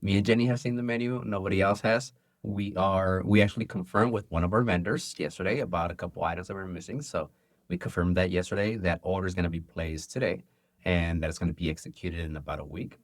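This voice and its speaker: A man with a fairly low voice chats in an interview as a restaurant owner and cook. He tells stories with energy and acts out bits of dialogue. The sound is dry and close. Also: quick pace, dry recording. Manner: animated storyteller acting out dialogue. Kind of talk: casual interview chat.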